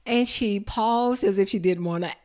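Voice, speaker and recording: A woman caregiver tells a personal story to a listening audience. Her voice sits mid-range, and she delivers it expressively, with lively swings as the tale builds. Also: mid-range voice, moderate pace. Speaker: home caregiver.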